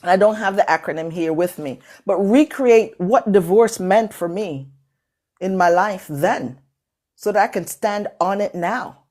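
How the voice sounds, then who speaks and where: A woman's voice: medium pitch, a little slow, darkish tone. A middle-aged woman with an accent hosting a motivational talk on a live call, emphatic and preacherly, repeating phrases for effect. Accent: non-native English accent. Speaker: motivational speaker and workshop host.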